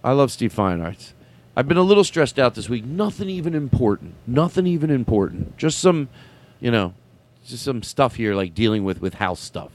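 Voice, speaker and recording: A man's voice: mid-range voice, very animated, moderate pace. A man hosting a podcast in casual chat, rambling and stammering with frequent laughs. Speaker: podcast host.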